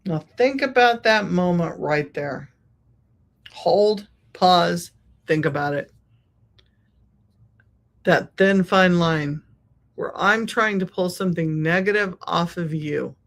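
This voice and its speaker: Slow, deliberate spiritual podcast host. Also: medium pitch, fairly bright tone. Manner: slow, repetitive, emphatic phrasing. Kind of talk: reflective podcast monologue.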